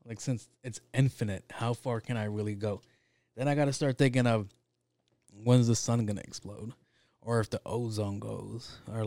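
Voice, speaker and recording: A man's voice: medium pitch, darkish tone, no echo, clean studio sound. A man talking in a loose, rambling monologue, swearing often and leaning on fillers. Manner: profane, rambling, with frequent fillers.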